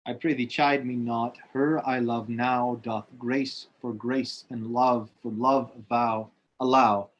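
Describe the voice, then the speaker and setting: A man's voice: medium pitch, little pitch movement, slow, few pauses, lo-fi sound. A man reading the part of an impatient young lover, pleading and eager, during a cold read over a video call. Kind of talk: cold read of a stage play.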